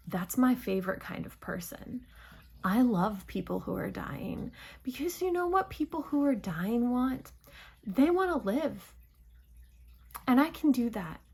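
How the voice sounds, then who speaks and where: A woman's voice: mid-range voice, a little mellow, slightly rough. A woman playing a smug, manipulative moon god. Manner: breezy mocking paraphrase.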